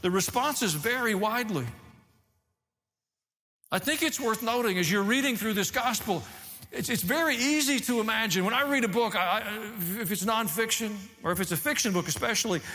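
Animated male preacher in a reverberant hall. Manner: animated preaching, rising and falling in pitch. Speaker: pastor. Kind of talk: sermon.

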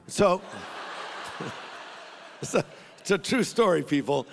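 A man's voice: sits high, expressive, a little slow, pauses often. A man preaching a sermon as a pastor, telling a funny story conversationally and acting out the voices in it. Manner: conversational, humorous, acts out voices in his story. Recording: long hall reverb, faint music.

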